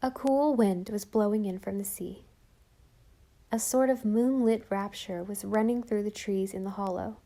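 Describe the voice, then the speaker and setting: Woman audiobook narrator, gentle and expressive, mellow warm tone. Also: medium pitch, normal speed. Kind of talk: scripted narration.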